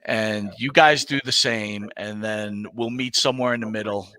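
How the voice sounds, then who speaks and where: A man's voice: fairly low pitch, steady tone, normal speed, sharp tone. A man, co-hosting a wrestling podcast and chatting as a guest in an enthusiastic, rambling, profane way. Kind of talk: casual podcast chat.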